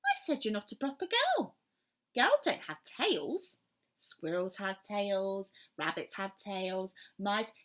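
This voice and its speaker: A woman voicing a small, timid young male barn owl who turns huffy, lifting her pitch for him in a storybook reading. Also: sing-song, fairly bright tone. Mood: cross. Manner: earnest, quickly huffy.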